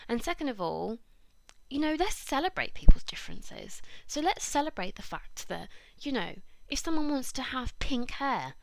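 A woman in her thirties talks straight to her listeners in a chatty, emphatic way, urging them on. Her voice has a gravelly fry under a smooth, resonant tone. The sound is dry and close, with no room around it. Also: medium pitch, fairly bright tone, no room sound. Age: 30s. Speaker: podcast host. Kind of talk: solo podcast monologue.

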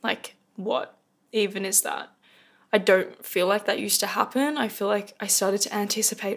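Rambling young woman with a gravelly edge. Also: medium pitch, fairly even intonation, moderate pace, a bit bright. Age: young adult. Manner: rambling, self-deprecating, many fillers. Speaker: podcast host. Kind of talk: casual rant podcast. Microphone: close podcast mic.

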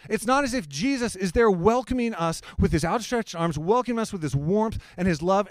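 Pastor guy preaching, chatty and earnest, kinda high voice, dry close sound. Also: no room sound. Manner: conversational preaching, earnest with humorous asides. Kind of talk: sermon.

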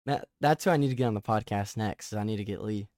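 A young man hosting a casual sports podcast who gets excited, rambles and often restarts his sentences. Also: fairly low pitch, fast, no room sound, clean studio sound. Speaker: podcast host.

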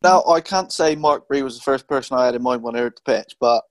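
A man's voice: mid-range voice, quick pace, no echo, natural voice. A man playing a producer who gushes and fawns over a director. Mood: gushing. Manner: gushing and fawning. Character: gushing male producer on a call.

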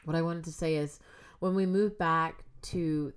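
Young woman guest on a podcast, lowish voice, curses a lot, gets loud then drops to a whisper. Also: measured pace, clear, resonant tone. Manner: animated storyteller, swears freely, swings from loud to whispered. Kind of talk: casual chat.

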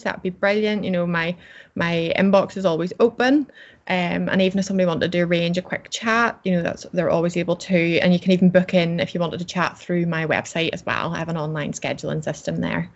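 A woman's voice: on the low side, dull audio. Chatty Northern Irish woman, upbeat guest. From Northern Ireland. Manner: chatty, laughs often, warm and upbeat. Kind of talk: casual podcast interview.

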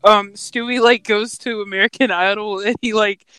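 A woman's voice: mid-range voice, fairly even intonation, normal speed, sharp tone, clean tone, no room sound. Rambling young woman, dry close mic. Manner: rambling, full of fillers and laughs. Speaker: podcast co-host. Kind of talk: casual chat.

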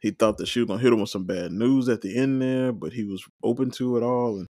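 A man's voice: medium pitch, quick pace, mellow, no room sound, studio quality. A man hosting a watch-along recap, talking casually and giving his opinions at length. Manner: conversational, opinionated, rambling with fillers. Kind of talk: casual solo recap commentary.

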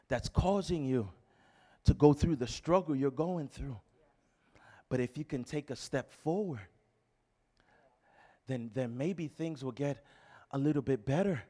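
A man preaching a sermon as pastor, swinging between fervent shouting and quiet storytelling, with repeated rhetorical questions. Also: mid-range voice.

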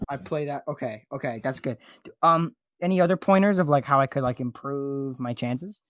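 A man hosting a comedy podcast, goofy and flustered, his voice jumping up high when he panics. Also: moderate pace, a bit bright, no echo, clean studio sound. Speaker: podcast host. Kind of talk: comedic casual chat.

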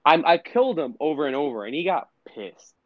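A man's voice: a little high, brisk, dry recording. A man, co-hosting a podcast in casual chat and telling stories with lots of swearing. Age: 20s. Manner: animated storytelling, mimics gamers with profanity. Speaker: podcast co-host. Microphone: podcast microphone. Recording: dull lo-fi sound.

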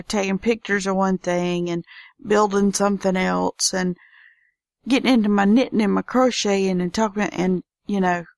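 Southern lady podcaster just chatting at home, bit of vocal fry, dry close sound. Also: medium pitch, no room sound. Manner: chatty, folksy, quirky. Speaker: podcast host. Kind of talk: casual solo podcast chat. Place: home office.

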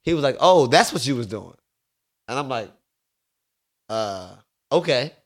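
A man's voice: medium pitch, animated, unhurried. A man, telling stories in a laid-back, streetwise way in a podcast studio. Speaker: bar owner guest. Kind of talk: casual storytelling.

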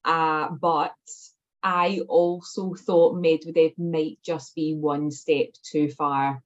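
Casting: woman, sports co-host, wry and self-mocking, lower voice, lo-fi recording. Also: level tone, slow. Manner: jokey, self-mocking, chatty. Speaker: podcast co-host. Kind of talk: casual sports chat. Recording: slightly dull lo-fi audio.

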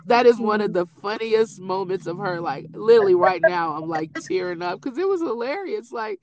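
A middle-aged woman in casual conversation, telling family stories in an animated way. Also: medium pitch, normal speed, few pauses. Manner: animated storyteller who acts out quoted voices. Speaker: grieving mother sharing memories.

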